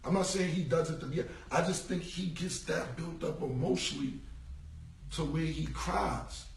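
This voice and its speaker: Gravelly man ranting on a livestream. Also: on the high side, moderate pace, reverberant, far from the mic, slight background noise, low-quality recording. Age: 40s. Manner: rambling, repetitive street slang. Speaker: rapper. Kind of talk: casual livestream monologue. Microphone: phone.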